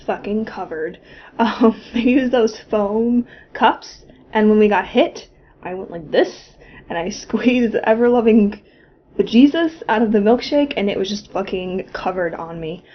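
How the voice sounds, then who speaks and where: A woman's voice: medium pitch, unhurried, muffled recording. A young woman from Florida telling a personal story in a casual, chatty way, swearing often and laughing as she goes. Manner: chatty, profane, laughing asides. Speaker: vlogger.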